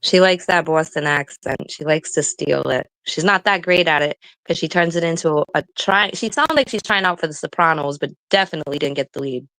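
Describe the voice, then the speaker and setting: Low-voiced blunt woman on a livestream. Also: brisk, hardly any pauses, fairly bright tone, no echo, low-quality recording. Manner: blunt, indignant. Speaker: livestream co-host. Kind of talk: casual gossip chat.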